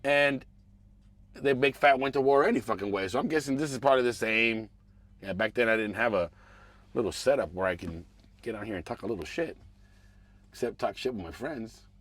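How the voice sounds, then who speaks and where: A man hosting a podcast. He rants casually and profanely about politics, muttering one moment and shouting the next. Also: medium pitch, dry recording. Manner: animated, profane, swings between mumbling asides and raised outbursts. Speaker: podcast host.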